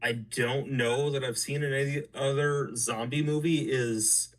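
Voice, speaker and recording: A man reviewing horror movies in a hesitant, halting casual chat, full of fillers. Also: medium pitch, steady tone, poor audio. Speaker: podcast co-host.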